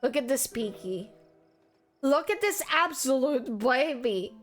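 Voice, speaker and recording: A woman streamer, chatting casually with viewers and greeting them with excited squeals. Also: slow, soft background music. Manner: bubbly, greets chat with high excited squeals. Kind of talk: casual live-stream chat.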